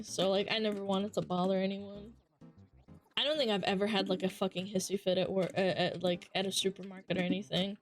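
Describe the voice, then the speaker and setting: A young adult woman streaming, telling stories in casual chat with lots of swearing and an animated, chatty way of talking. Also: medium pitch. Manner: profane, animated storytelling.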